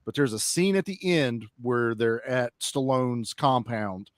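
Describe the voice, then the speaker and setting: A man's voice: medium pitch, animated, a little slow, no room sound, studio quality. A man co-hosting a casual film discussion, enthusiastic and rambling, often restarting his sentences. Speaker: podcast co-host.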